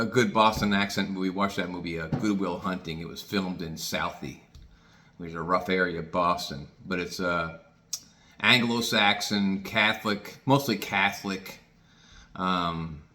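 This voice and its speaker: Forceful low-voiced man in his sixties. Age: 60s. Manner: digressive, folksy, swears casually. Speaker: vlogger. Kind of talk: rambling personal storytelling.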